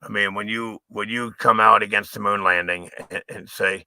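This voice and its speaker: Brief: profane male livestream host, rambling rant, bright edgy tone. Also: fairly low pitch, fairly even intonation, normal speed, gravelly, no room sound. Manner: profane, angry, rambling, sometimes shouting.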